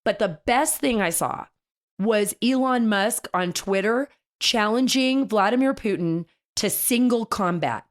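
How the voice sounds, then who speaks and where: A woman's voice: mid-range voice, measured pace. A woman hosting a political talk show, speaking in an enthusiastic, chatty way with frequent restarts. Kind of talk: casual political radio commentary.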